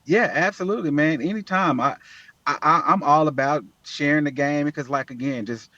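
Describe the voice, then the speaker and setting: A man's voice: on the high side, brisk, pushed and bright, no room sound. Earnest man on a dull, lo-fi line. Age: adult with children. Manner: earnest, repeats words, often says "man". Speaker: podcast guest, app founder. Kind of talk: casual interview talk.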